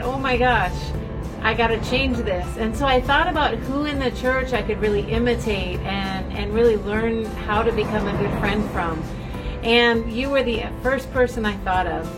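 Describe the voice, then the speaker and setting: A woman's voice: medium pitch, recorded from a distance, poor audio. A woman giving an earnest birthday greeting and telling a personal story. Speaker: friend sending a birthday message. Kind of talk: heartfelt video greeting.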